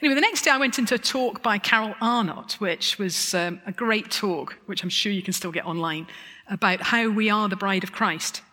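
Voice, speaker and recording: A woman giving a lively, self-mocking testimony talk, with chuckling asides. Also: medium pitch, normal speed. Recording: long hall reverb.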